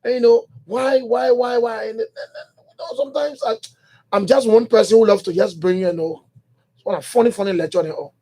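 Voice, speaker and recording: A Liberian man hosts a morning radio talk show in a studio, his voice sitting notably high for a man. He thinks out loud in a loose monologue, circling back to the same phrases and filling pauses with hesitant fillers and restarts. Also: steady tone. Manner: rambling, repeats phrases, many fillers and restarts.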